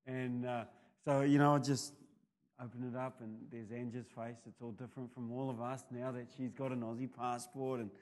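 Rambling New Zealand preacher. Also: male voice, mid-range voice, level tone, normal speed. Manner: rambling, anecdotal, builds to loud emphatic peaks. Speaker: pastor. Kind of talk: sermon.

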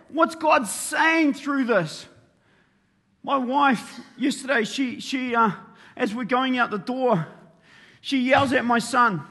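A man preaching a sermon, telling everyday stories with animated delivery and acting out his own thoughts. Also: very high voice. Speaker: pastor. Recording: long reverb of a large hall.

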